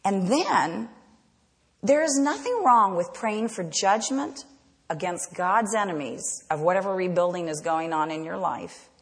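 A woman's voice: on the low side, in a large hall. A woman preaching a sermon, earnest and direct, often asking the congregation rhetorical questions.

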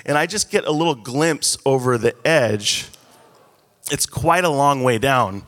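A man's voice: mid-range voice, measured pace, a bit bright. A man in his thirties preaching a sermon, telling stories in a casual, self-deprecating, conversational way. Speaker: pastor. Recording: echoey hall.

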